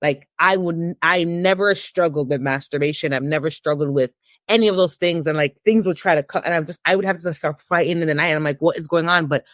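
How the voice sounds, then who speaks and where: A woman in her thirties giving a candid personal testimony as an interview guest, with emotional, preacher-like rises in pitch. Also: fairly quick, dry recording, clean studio sound.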